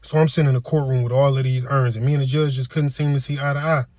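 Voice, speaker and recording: A man telling comic stories in a deadpan, casual slang delivery. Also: medium pitch, quick pace, no echo. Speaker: comedian. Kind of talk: comedic storytelling skit.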